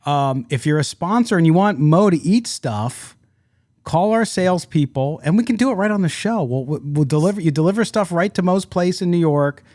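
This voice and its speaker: A man co-hosting a sports podcast, talking casually and jokily with quick asides and restarts. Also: on the high side, expressive, darkish tone, no echo, studio quality. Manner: rambling, jokey, quick asides. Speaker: podcast co-host.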